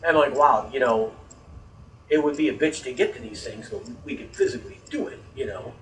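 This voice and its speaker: A man's voice: on the high side, big pitch swings, a little fast, reverberant, far from the mic, slight background noise, poor audio. A man telling a story in casual chat, rambling and swearing, getting worked up when annoyed.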